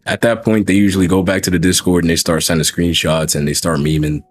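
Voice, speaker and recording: Male stream host, low husky voice, talks in emphatic repeated questions. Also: level tone, fast talker, faint music behind. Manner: emphatic, repeats rhetorical questions, swears freely. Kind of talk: casual stream chat.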